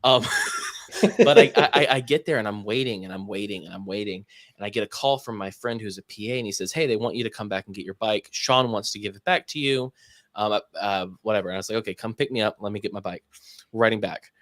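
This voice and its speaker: A young man on a podcast casually telling an animated story and acting out the dialogue. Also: fairly low pitch, fast, dry recording, clean studio sound. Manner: animated anecdote teller, acts out quoted dialogue. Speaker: podcast co-host.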